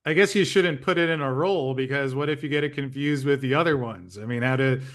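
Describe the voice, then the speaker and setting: A man hosting a weekly chat over a call, light and joking, quick to giggle at his own asides. He keeps the talk loose and friendly as he steers it toward the wrap-up. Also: mid-range voice. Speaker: show host. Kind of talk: casual chat. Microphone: remote call.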